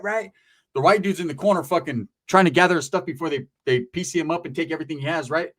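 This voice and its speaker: Animated, profane man telling a wild story. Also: on the high side, quick pace. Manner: animated, profane, street slang, sound effects. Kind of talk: casual storytelling chat.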